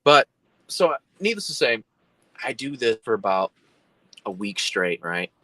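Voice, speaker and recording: Brief: a male guest with a low, sharp voice telling a story over a video call, dry sound. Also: sing-song, unhurried, dry recording. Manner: rambling, lots of fillers and restarts. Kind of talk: casual storytelling.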